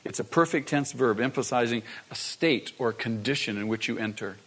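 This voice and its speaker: A man's voice: mid-range voice, normal speed, fairly bright tone. A man preaching a sermon, repeating his key phrases and asking the congregation rhetorical questions. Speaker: pastor.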